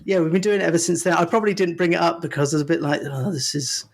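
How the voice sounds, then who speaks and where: A man's voice: fairly high pitch, very fast, creaky. A man, a podcast guest who chats in a hesitant, self-deprecating way. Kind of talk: casual chat.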